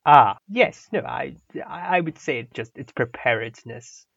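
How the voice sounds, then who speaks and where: A man voicing a fussy, prim gentleman who is polite, easily flustered, stammers and mutters to himself, in a tabletop game. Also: medium pitch, animated, unhurried, creaky, dry recording, heavily acted. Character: fussy, prim adult male English gentleman. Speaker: player voicing his character. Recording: dull, lo-fi mic.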